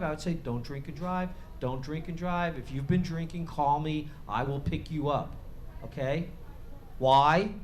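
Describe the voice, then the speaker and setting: A man doing a stand-up comedy set on stage, brash and foul-mouthed, shouting his punchlines. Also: mid-range voice, slight background noise.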